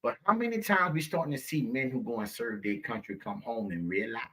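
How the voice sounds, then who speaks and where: Male live-stream host, preachy and repetitive, swooping animated delivery. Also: mid-range voice, a little fast, husky. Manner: preachy, repeats himself, calls viewers baby. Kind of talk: live-stream commentary talking to viewers.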